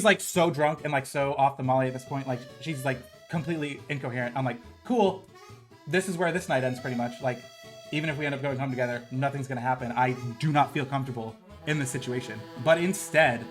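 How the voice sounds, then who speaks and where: A man's voice: mid-range voice, a bit bright. A young man telling a story in a casual, rambling streamer style, full of filler words and swearing.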